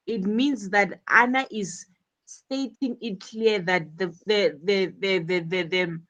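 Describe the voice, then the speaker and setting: A woman teaching an English lesson, explaining step by step and repeating words as she goes. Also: medium pitch. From South Africa.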